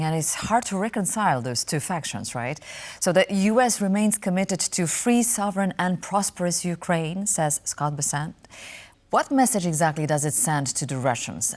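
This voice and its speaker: Low-voiced woman news anchor. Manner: measured, scripted delivery. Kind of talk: broadcast interview.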